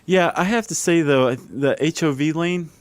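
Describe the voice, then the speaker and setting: A man's voice: fairly high pitch, moderate pace, no room sound. A man co-hosting a casual podcast chat, explaining ideas with dry sarcasm. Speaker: podcast co-host.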